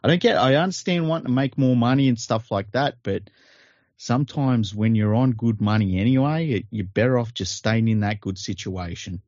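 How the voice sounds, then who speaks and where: A man with an Australian accent co-hosting a podcast, talking sport in a laid-back, halting way. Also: medium pitch, a little mellow, no room sound, dull audio. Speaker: podcast co-host. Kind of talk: casual sports chat.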